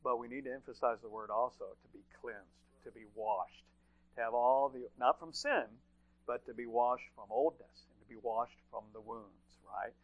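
A man's voice: medium pitch, moderate pace, phone-quality sound. A man preaching a sermon in a conversational way, often repeating phrases and checking in with "right?".

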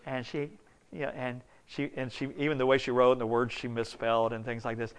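Gravelly middle-aged guy preaching, folksy storyteller, goes quiet then gets loud. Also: mid-range voice, little pitch movement, brisk. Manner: folksy, storytelling, swings between hushed and loud. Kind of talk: sermon.

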